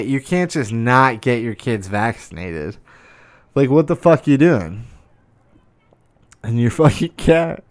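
A man's voice: medium pitch, a little mellow, clean tone, dry recording, studio quality. A man hosting a podcast, ranting in a casual monologue, swearing a lot and sounding incredulous. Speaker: podcast host.

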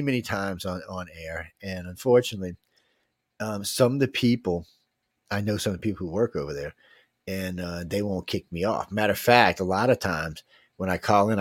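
A man's voice: sits low, fairly quick, dry recording. Brief: middle-aged man, talk host, boastful rambling rant, close dry mic. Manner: rambling, boastful, swearing, with frequent restarts. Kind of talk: casual talk podcast rant.

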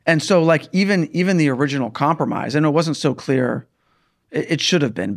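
A man in casual political discussion, halting with fillers and restarts. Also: medium pitch. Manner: hesitant, restarts, many fillers like "like" and "right".

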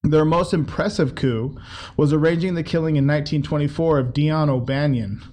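A man's voice: a little high, moderate pace, darkish tone. A man casually reading a history book aloud, breaking off for swearing, joking asides. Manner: casual, swears, laughs at the text. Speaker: reader.

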